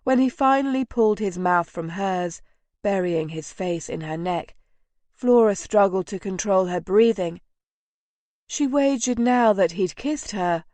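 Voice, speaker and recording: Slow, measured woman audiobook narrator. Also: medium pitch, darkish tone, no room sound.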